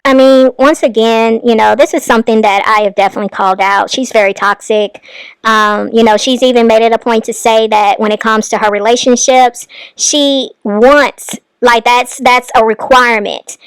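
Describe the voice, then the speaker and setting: A woman's voice: on the high side, fairly even intonation, normal speed, smooth, dry recording, rough recording. Commentary host, woman, blunt and scolding, dry close recording. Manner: blunt, scolding, addresses the subject directly. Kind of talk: reaction commentary.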